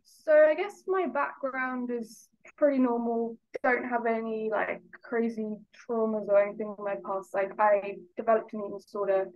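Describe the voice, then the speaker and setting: Young woman from the uk, kinda high voice, hesitant, says like a lot, dull call audio. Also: steady tone, moderate pace, few pauses. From United Kingdom. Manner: hesitant, lots of "like" and "I don't know". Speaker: podcast guest. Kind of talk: casual interview chat.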